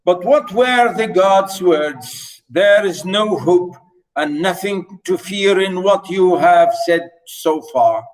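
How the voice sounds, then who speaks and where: A man's voice: high voice, lively intonation, slow pace, recorded from a distance, poor audio. A man reading as a proud, impatient king. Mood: commanding.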